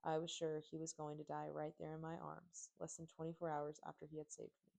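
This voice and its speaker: A woman narrating a first-person audiobook in steady, emotive storytelling on a close mic. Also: deep voice, brisk, gravelly.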